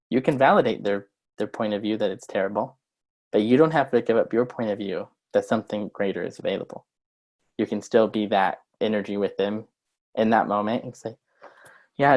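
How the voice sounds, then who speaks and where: A man, a guest coach, explaining ideas in an earnest conversational way and acting out short example lines, heard over a video call. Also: lowish voice.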